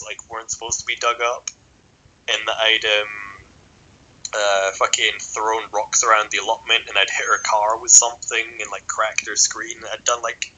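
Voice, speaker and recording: A man's voice: medium pitch, sharp tone, breathy edge, rough recording. A young man telling a rambling school story on a podcast, swearing constantly and filling every gap with "like". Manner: sweary, rambling, filler-heavy. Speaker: podcast co-host.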